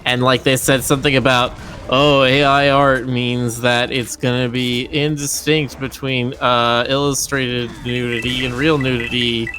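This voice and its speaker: A mid-pitched man co-hosting a live game stream. He argues his points at length in an opinionated, casual way, with faint music playing. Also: little pitch movement, measured pace, hardly any pauses, bright, forceful tone. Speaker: stream co-host.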